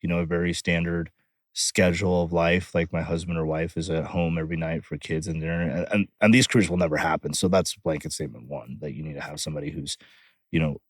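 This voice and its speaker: A man's voice: a bass voice, fairly even intonation, quick pace, dry recording. A man who is a firefighter and guest on a podcast, talking in casual conversation, blunt and profane with many filler phrases, outdoors. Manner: blunt, profane, frequent "you know".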